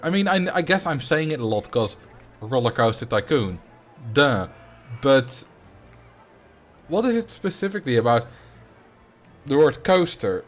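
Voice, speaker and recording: A man with a Dutch accent whose first language is Dutch, chatting casually on a game livestream and replying to chat, laughing easily and often restarting his sentences. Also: on the high side. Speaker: game streamer.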